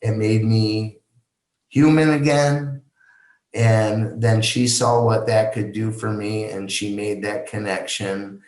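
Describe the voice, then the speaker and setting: A man guest on a podcast, slowly retelling a deeply personal story with halting restarts and quoted dialogue. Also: steady tone, darkish tone, reverberant, rough recording.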